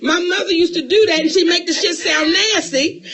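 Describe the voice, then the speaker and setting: Loud, profane middle-aged woman co-host. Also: very high voice, moderate pace. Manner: loud, profane and emotional, calls listeners baby. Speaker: podcast co-host. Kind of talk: casual chat.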